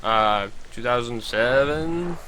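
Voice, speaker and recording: A man's voice: medium pitch, animated, slow pace, pushed and bright, a little hiss or hum. A young man with a stuffy cold, giving dry, sarcastic commentary while playing a computer game. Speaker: gaming channel host.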